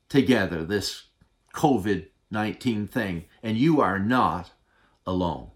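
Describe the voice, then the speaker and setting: This pastor's sermon comes in a voice on the low side with lively intonation. He speaks deliberately, pauses for drama, and often lowers to a soft hush for tender points.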